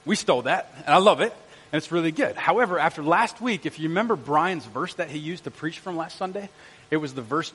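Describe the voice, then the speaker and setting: Middle-aged male pastor, high voice, energetic, jokey with the crowd, long church-hall reverb. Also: brisk, slightly rough. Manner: energetic, jokey, quizzes the congregation. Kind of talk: sermon. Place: church auditorium.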